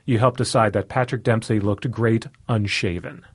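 A man's voice: lowish voice, steady tone, moderate pace, slightly rough, no room sound, studio quality. A man hosting a radio interview show, chatty and laughing, often restarting his sentences. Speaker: host. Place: radio studio.

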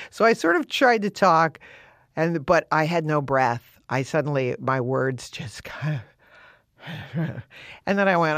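A woman guest in an interview, telling a story in an animated, chatty way with lots of "you know" and "like". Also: low-pitched, unhurried, no room sound, clean studio sound. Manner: animated and chatty, with many fillers. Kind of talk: casual storytelling.

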